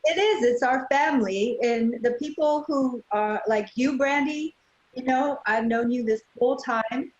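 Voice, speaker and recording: Festival lady hosting, kinda high voice, emphatic and heartfelt, roomy echo. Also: a little slow, darkish tone, muffled recording. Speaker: festival organizer, host. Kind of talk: casual interview chat. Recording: echoey room.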